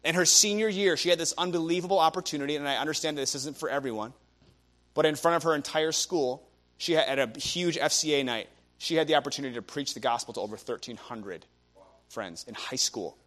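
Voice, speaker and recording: A man's voice: a little high, a little fast, fairly bright tone. A young man preaching a sermon, telling stories animatedly and acting out the people he quotes. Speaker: guest preacher.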